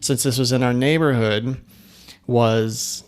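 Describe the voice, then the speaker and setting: A man's voice: medium pitch, steady tone, takes it slowly, a little mellow. A middle-aged man hosting an insurance sales podcast, giving upbeat, casual coaching tips with plenty of fillers and asides.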